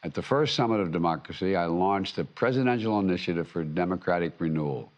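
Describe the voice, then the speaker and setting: Older man, low voice, formal speech with stumbles and repeated stress words, slightly muffled audio. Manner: halting restarts, emphatic repetition. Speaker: head of state giving a speech.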